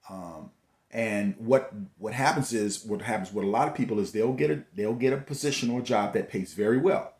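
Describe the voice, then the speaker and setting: A man with a somewhat low voice delivers a motivational talk to the camera. He preaches in a repetitive way, stacking rhetorical questions one on another. The room around him rings with noticeable echo. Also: a little fast, a little mellow. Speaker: host. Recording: echoey room.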